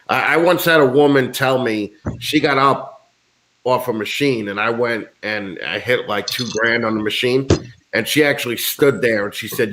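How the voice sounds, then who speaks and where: A blunt American man in casual conversation, cursing freely and ranting about whatever bugs him. His pitch sits right in the middle for a man. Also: a bit bright. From United States. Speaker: guest. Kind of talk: casual chat.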